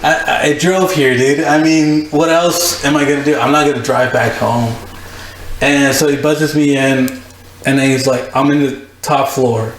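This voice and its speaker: A man's voice: mid-range voice, steady tone, normal speed. A young man, a guest DJ, telling a long story in casual chat, laughing often and saying "like" a lot. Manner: rambling, laughs often, full of "like". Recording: echoey room with faint noise.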